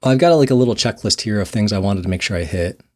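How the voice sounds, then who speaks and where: A man's voice: fairly low pitch, lively intonation, fast, darkish tone. A young man casually telling a story in a monologue, laughing often and restarting his sentences. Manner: rambling, laughs often, restarts and repeats words. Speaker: vlogger.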